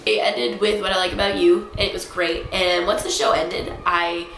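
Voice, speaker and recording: A young adult woman vlogging, rambling excitedly in a casual chatty recap full of fillers. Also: on the low side, moderate pace, a little hiss or hum. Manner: excitable, rambling fangirl storytelling with many fillers. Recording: roomy echo.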